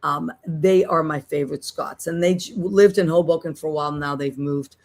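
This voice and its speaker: A woman's voice: sits low, moderate pace, a little mellow. Chatty woman podcast host. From Boston, USA. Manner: chatty, rambling with many restarts. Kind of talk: casual chat.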